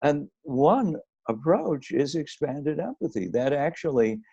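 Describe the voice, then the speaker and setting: A man talking through ideas as a guest author, measured and hedging, often restarting with "I mean". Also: fairly high pitch, sing-song, vocal fry, dark tone, breathy edge, dull audio. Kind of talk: conversational discussion. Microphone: video call.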